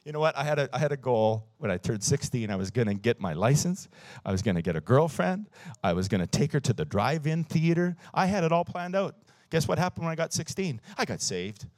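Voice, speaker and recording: A man's voice: mid-range voice, animated, a little fast, a little mellow, no room sound, studio quality. A man around sixty, preaching a sermon in church and telling stories with emphasis, often chuckling at his own jokes. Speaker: pastor.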